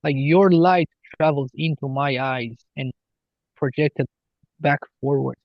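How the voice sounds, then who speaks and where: A man talking as a healer guest on a podcast, slow and earnest as he explains spiritual ideas. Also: on the high side, no room sound, dull audio. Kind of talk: podcast interview.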